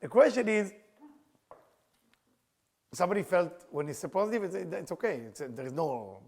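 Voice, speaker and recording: A man leading an interactive workshop lesson as its rabbi and teacher, telling stories with plenty of laughter. His fairly high voice swoops widely and carries a gravelly rasp. He speaks to a group in the room. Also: moderate pace. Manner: animated storyteller, laughs often.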